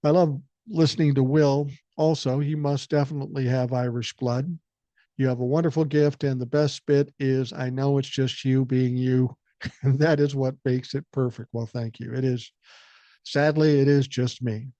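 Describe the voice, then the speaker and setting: A man's voice: mid-range voice, flat delivery, normal speed, warm tone, dry recording. A man in his sixties hosting a podcast, reading listener emails aloud and adding blunt, joking, profane comments in a casual way. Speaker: podcast host.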